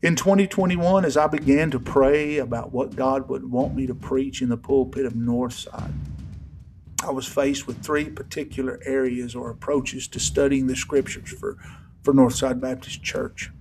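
A man pastor preaching a sermon in a church sanctuary, folksy and emphatic, swinging between loud and hushed. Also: medium pitch, steady tone, normal speed, slight background noise.

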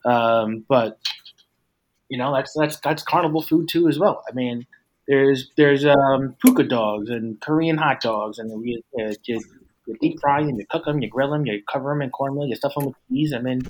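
A man talking through a casual food debate, rambling and restarting his sentences often. His voice sits at a middling pitch. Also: normal speed, darkish tone. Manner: rambling, many fillers and restarts. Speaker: debater defending hot dogs.

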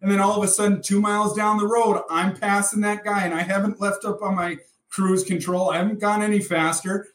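A man's voice: high-pitched, little pitch movement, brisk, a bit bright, far from the mic. A young man co-hosting a casual podcast, venting with heavy swearing. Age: young adult. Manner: profane, irritated venting. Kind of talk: casual chat. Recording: roomy, off-mic.

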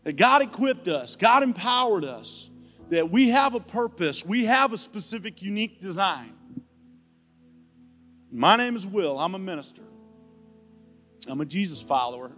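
A male pastor preaching a sermon, animated and playful, telling stories and acting out voices. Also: sits high, moderate pace, long pauses. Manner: animated, storytelling with playful asides. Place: church sanctuary. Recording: live church hall with music.

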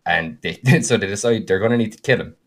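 A man with a fairly low voice tells a story from a tabletop game he ran. He talks casually and animatedly, full of fillers, and jumps up in pitch when excited. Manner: animated, with frequent fillers and quick bursts of higher pitch. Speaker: podcast co-host and game master.

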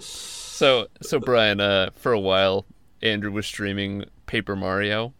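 A man's voice: on the low side, fairly even intonation, measured pace, fairly bright tone, clean tone. A man co-hosting a podcast, chatting casually, laughing and teasing his friend. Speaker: podcast co-host. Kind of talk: casual chat.

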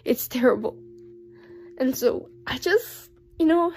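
Halting, tearful young woman telling a story. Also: sits high, expressive, darkish tone, a little hiss or hum. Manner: emotional, halting, many fillers and restarts. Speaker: podcast host. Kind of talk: personal storytelling podcast.

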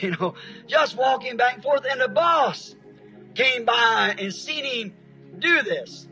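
A man from Arizona preaches a sermon as a story, folksy and plain-spoken, with homespun grammar. His voice is very high and bright. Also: expressive, slow pace, faint music behind, rough recording.

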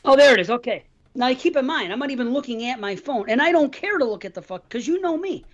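A man's voice: very high-pitched, animated, fast, dull audio. A man co-hosting a podcast, rambling in casual, heavily profane chat. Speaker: podcast co-host.

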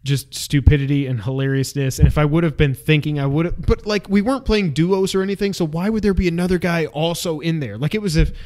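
A young man co-hosting a casual gaming podcast, an animated storyteller who acts out his own yelling. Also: on the high side, fast, few pauses. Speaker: podcast co-host.

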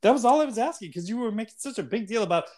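A man's voice: sits high, lively intonation, rapid-fire, a little mellow. A man co-hosting a podcast, chatting casually and joking with emphatic repetition. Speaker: podcast co-host. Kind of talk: casual chat.

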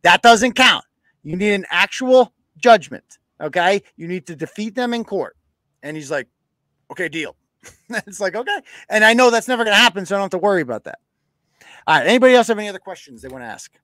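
A man's voice: sits high, animated, brisk, bright, forceful tone, no echo. A man from New hosting a live show, cursing bluntly and acting out quoted exchanges in a casual rant. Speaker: podcast host.

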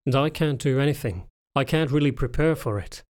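Man reading as a timid young pregnant furry woman, soft, trembling, hesitant, storybook. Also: mid-range voice, a little fast, close to an everyday voice. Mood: fearful, subdued. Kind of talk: audiobook dialogue reading.

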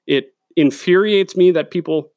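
Gravelly, blunt, profane sports-podcast man. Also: a little high, measured pace, darkish tone, no room sound, clean studio sound. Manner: blunt, profane, opinionated, with many fillers. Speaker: podcast host. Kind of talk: solo sports podcast rant. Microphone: studio microphone.

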